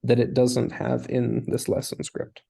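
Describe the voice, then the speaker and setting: Slow gravelly-voiced man teaching. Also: medium pitch, monotone, dark tone, low-quality recording. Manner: patient, explains step by step. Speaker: language teacher. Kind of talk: online Hebrew lesson.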